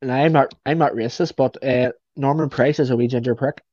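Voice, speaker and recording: A young man riffs through a casual podcast chat. He is sweary and playful, and he talks at an ordinary middle pitch. The recording is dry and a little dull, with no room sound. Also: fairly quick, no room sound. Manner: sweary, joking, animated storytelling. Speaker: podcast co-host.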